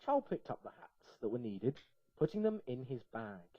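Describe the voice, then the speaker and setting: Male reader for an absurd comic story, playful and lively, animated pitch, dull lo-fi recording. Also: normal speed, dry recording.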